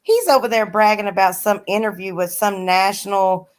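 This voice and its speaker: A woman's voice: mid-range voice, moderate pace. A woman on a livestream panel who eggs the others on and speaks sarcastically with profanity. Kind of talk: casual chat.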